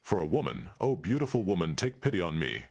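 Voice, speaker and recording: A man's voice: sits low, very animated, fast talker, gravelly, darkish tone, breathy edge, heavily acted. Man playing a stiff, formal Klingon. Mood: eager. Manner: stiff, formal speech without contractions. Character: stranded male Klingon alien, earnest and formal. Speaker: player.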